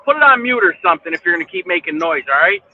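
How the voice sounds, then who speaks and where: A man with a high voice tells a long, rambling story in casual chat, swearing freely and restarting his sentences. His voice reaches us over a thin, tinny, phone-like line. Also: lively intonation, rapid-fire. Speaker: livestream chat host.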